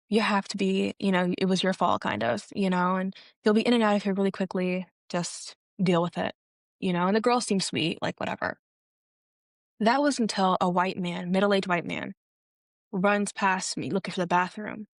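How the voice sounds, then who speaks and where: A woman's voice: dry recording, clean studio sound. A young woman co-hosting a podcast, telling a long story in casual chat and acting out the people she quotes. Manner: animated, acts out quoted people with pitch jumps. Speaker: podcast co-host.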